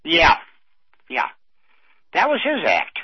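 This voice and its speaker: Older man, radio co-host, rambling reminiscing, slightly high voice, dull dry sound. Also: wildly swooping pitch, slow pace, husky, dry recording. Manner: rambling, reminiscing with many fillers. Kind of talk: casual radio chat.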